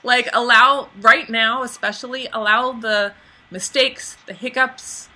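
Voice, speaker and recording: A woman coaching people on camera in a casual webinar, chatty with lots of "like", acting out little scenes in a high voice. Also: normal speed, sharp tone. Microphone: computer microphone on a webinar.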